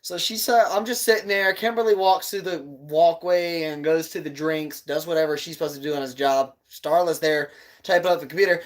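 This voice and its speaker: A man's voice: on the high side, fairly even intonation, a little fast. A man in his twenties co-hosting a podcast, telling a rambling, laughing story in casual chat, swearing as he goes. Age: 20s. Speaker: podcast co-host.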